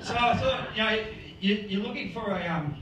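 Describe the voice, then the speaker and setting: A man's voice: high-pitched, normal speed. Laughing Australian man doing stand-up. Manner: rambling, laughs at own jokes. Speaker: stand-up comedian. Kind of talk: stand-up set. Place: comedy club stage. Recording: echoey room, far mic, noisy.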